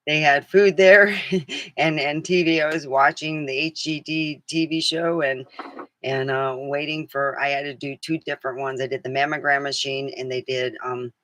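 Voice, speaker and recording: A woman's voice: low voice, steady tone, moderate pace, fairly bright tone. A middle-aged woman vlogging in a casual, rambling chat, who laughs often and acts out the things people said.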